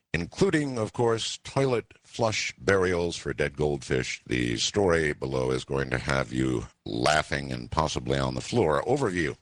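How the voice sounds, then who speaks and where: A man's voice: deep voice, gravelly, fairly bright tone, dry recording. A male radio talk show host who reads news items and a comic story in a wry, theatrical drawl.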